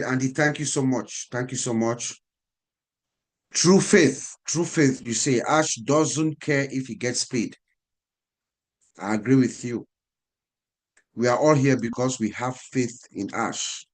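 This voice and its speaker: A man hosting an online group call. He speaks emphatically and repeats his points as he hands the microphone over. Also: mid-range voice. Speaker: host of the call.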